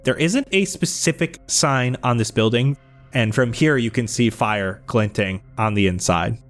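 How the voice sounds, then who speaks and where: A man as game master narrating scenes and reading out show promotions in a brisk, upbeat way. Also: mid-range voice, faint music behind. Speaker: game master and podcast host. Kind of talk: game narration and sponsor read-out.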